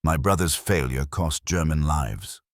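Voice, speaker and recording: Cold menacing colonel, read by a man in a very deep, dry voice. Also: measured pace, no echo. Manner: cold, clipped, threatening. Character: stern cold male German colonel.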